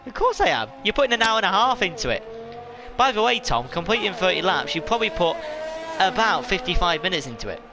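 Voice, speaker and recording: A man's voice: high-pitched, sing-song, fast talker, over music. A man giving live, chatty commentary on a sim race, rambling and laughing at himself.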